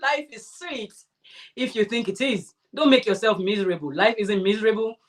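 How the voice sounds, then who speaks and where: A woman hosting a crafting livestream, chatting casually and warmly answering her viewers' comments. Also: mid-range voice, moderate pace. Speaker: crafting channel host.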